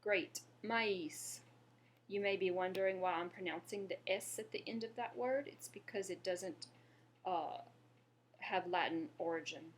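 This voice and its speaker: A woman giving an online French lesson, patiently modeling words and pausing for the listener to repeat them. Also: on the low side, husky. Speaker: French teacher.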